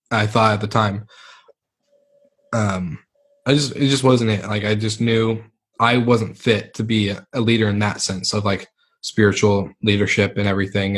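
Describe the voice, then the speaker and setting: A young man with a fairly low voice tells his story in a laid-back way. He rambles and leans on fillers as he speaks. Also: a bit bright. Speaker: podcast guest. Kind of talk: candid storytelling interview.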